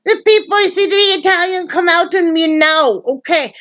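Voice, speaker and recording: A woman's voice: moderate pace, a bit bright, no room sound. A woman putting on a playful, exaggerated mock-Italian voice that drifts off into some other accent. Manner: playful, high and sing-song, accent drifting.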